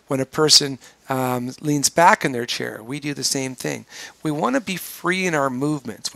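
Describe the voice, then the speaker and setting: A male trainer with a bright, gravelly voice, lecturing in a measured, explanatory way. He sounds close to the mic in a dry room. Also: medium pitch, dry recording. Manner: measured, explanatory, demonstrates voice tones.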